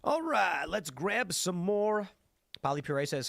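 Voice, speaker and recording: Animated man, higher pitch, dry sound. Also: slow, creaky, no room sound. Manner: animated, acts out voices of others in anecdotes. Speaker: livestream host reading viewer comments. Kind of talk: casual political chat.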